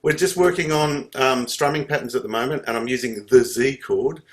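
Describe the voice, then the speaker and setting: Over a video call from an echoey room, a man with a medium-pitched voice leads an online ukulele lesson at a moderate pace. He's chatty, trails off mid-sentence, and counts out the strums as he goes.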